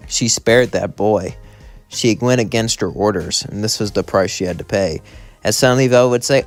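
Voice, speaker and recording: A man's voice: fairly low pitch, moderate pace. Male storyteller, casual fan-fiction narration, long run-on sentences, faint music bed.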